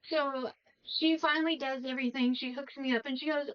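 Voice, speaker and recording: A woman co-hosting a casual chat, retelling a story with animated quoted voices. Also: high-pitched, a little fast. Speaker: podcast co-host. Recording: slightly dull lo-fi sound.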